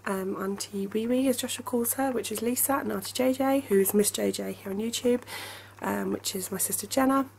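A young family vlogger chats casually at home indoors, her mid-range voice fairly quick with vocal fry and slight background noise. She has a headache, talks through it apologetically, and laughs often.

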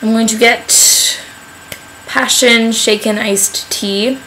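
A woman's voice: a little high, steady tone, slow, bright, forceful tone, a little hiss or hum, rough recording. A young woman vlogging to camera at home in a rambling, chatty way, filling her talk with "like". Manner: rambling, chatty, heavy use of "like". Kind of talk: casual vlog chat to camera.

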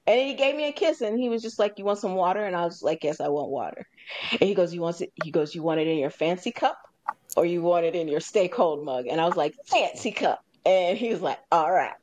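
A woman's voice: fairly low pitch, fast, a little hiss or hum. A woman hosting a radio talk show in a casual chat. She tells stories with energy, acts out other people's lines, and repeats her key points for emphasis. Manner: animated storyteller acting out others' lines.

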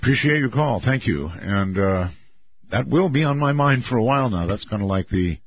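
A man's voice: breathy edge, dry recording. An older man hosting a late-night call-in radio show, musing and drawn out as he takes callers. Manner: musing, drawn-out, lively pitch swings. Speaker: radio talk show host. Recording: muffled dry radio broadcast.

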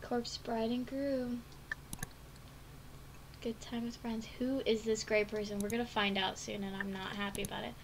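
A woman streamer giving casual let's-play commentary at her home computer, excitable, with gasping and squealing reactions. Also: on the high side, normal speed, background noise. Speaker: gaming streamer. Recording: keyboard clicks in background. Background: typing on a keyboard.

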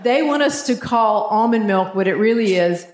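A woman's voice: mid-range voice, moderate pace. A woman in her fifties doing a stand-up comedy set in a theatre, telling stories and acting out the voices of her family. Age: 50s. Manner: animated storytelling with acted-out voices. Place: theatre stage before a live audience. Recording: roomy live theatre sound with audience noise.

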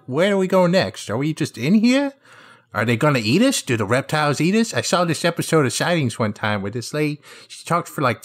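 A fairly high-voiced man playing his character in a tabletop game, joking and firing off questions. His pitch swings widely as he talks. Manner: joking, animated, rapid questions. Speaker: player. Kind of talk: tabletop role-play.

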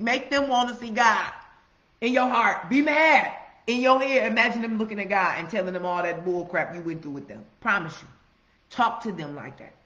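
A woman's voice: mid-range voice, reverberant. Woman, motivational rant, profane, emphatic, slightly muffled recording. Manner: profane, preachy, loud emphatic outbursts. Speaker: motivational vlogger. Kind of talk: casual motivational monologue.

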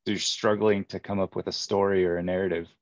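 Deep man on dull lo-fi audio. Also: level tone, fairly quick. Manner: thoughtful, chuckles between points. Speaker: seminar participant. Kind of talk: casual group discussion.

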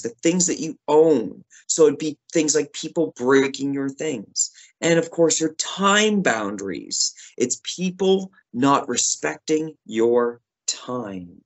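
Lively man teaching kids. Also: on the high side, low-quality recording. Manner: lively, conversational, acts out example phrases. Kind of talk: classroom lesson for kids.

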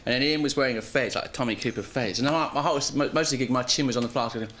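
A man's voice: mid-range voice, racing, fairly bright tone, a little hiss or hum. A man in an interview, recalling the past in an easygoing, hesitant way with filler phrases. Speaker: musician interviewee. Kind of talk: casual reminiscing interview.

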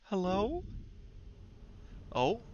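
A man commentating on the game he is playing, excitable and jumpy, often crying out when startled. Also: high-pitched, extremely slow, muffled recording, a little hiss or hum. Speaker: gaming video host. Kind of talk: let's play commentary.

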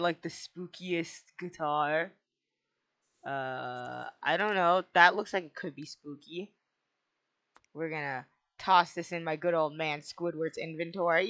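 A woman's voice: lowish voice, fairly bright tone. A woman hosting casual game commentary, playful and melodramatic, breaking into wailing shrieks between chatty asides. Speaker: gaming channel host.

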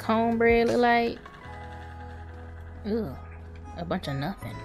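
A woman runs her gaming channel with excitable live commentary, exclaiming and talking to the game in casual, Southern-flavored speech. Her voice is on the high side and slow, with game music playing loudly behind her.

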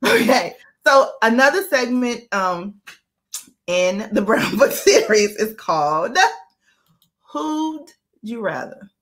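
Animated Southern woman host. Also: on the high side. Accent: Southern US, Atlanta. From Atlanta. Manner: playful, laughs often, drawn-out phrasing. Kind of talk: casual interview.

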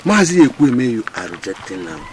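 A man's voice: medium pitch, sing-song, fairly quick, slight background noise, lightly acted. An actor with a Nigerian accent playing a stern uncle who scolds his niece in a film drama. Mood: scolding. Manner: scolding, lecturing.

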